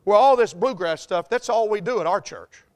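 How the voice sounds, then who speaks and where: A man's voice: sits high, moderate pace, darkish tone. A middle-aged man from the North Carolina mountains, preaching a sermon with an Appalachian accent and exuberant storytelling. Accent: Southern US Appalachian. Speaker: pastor.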